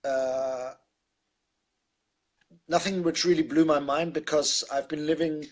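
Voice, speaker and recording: A man's voice: fairly high pitch, steady tone, slow pace. Man from Germany, mixed English-German accent, casual live-stream chat, hesitant, lots of fillers. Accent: mixed German, English and Irish-sounding. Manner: hesitant, many fillers and restarts, laughs often.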